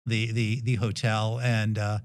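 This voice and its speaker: A middle-aged man with a Brooklyn accent, a podcast guest telling a story in a relaxed, gentle way with many hesitations. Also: lowish voice, unhurried, smooth. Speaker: guest dentist and endurance athlete.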